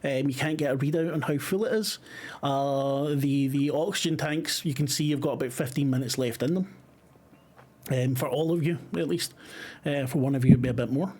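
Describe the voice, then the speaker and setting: A man narrating a tabletop horror game as game master, halting and full of fillers. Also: mid-range voice, darkish tone.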